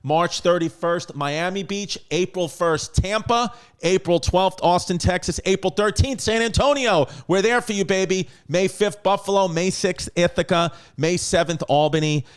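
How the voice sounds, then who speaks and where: A man's voice: high-pitched, normal speed, smooth. A man hosting a podcast in a casual, joking manner, rattling off dates and teasing his guest. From United States. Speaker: podcast host.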